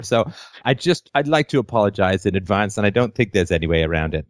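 A man hosts a call-in show in a fairly low voice, sounding tired and burnt out. He jokes at his own expense and rambles, restarting his sentences. The sound is dry and close to the mic. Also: animated, fairly quick, hardly any pauses, no echo. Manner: self-deprecating, joking, rambling with restarts. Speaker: host. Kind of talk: casual call-in show chat.

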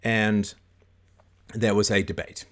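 A man's voice: lowish voice, fairly even intonation, takes it slowly. A middle-aged man hosting a livestream monologue, mocking and laughing often as he acts out quoted voices. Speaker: livestream host.

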